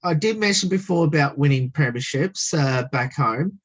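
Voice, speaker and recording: A radio host asking interview questions over a video call, hesitant and full of "um" fillers, laughing often. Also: male voice, fairly high pitch, expressive, moderate pace.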